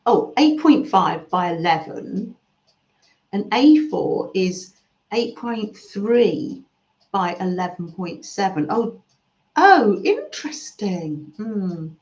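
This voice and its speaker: Casting: unhurried woman, soft murmuring crafter's voice, roomy and slightly muffled home recording. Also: medium pitch, very animated. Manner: soft-spoken, murmurs "mm" often, trails off mid-sentence. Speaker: craft live-stream host reading chat. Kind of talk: slow, gentle chat while crafting.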